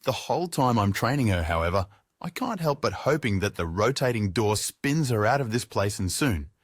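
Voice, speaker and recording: A man's voice: lowish voice, animated, normal speed, slightly rough, no room sound, clean studio sound. A man narrating his own audiobook in the first person, sardonic and freely profane.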